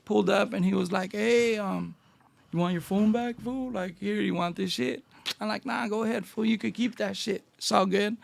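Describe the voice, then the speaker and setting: La guy, middle-aged, raspy fry all over, high-ish voice, telling stories w/ lots of slang. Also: normal speed. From Northeast Los Angeles. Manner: animated street-slang storyteller, acting out dialogue. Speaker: guest. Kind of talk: casual storytelling interview.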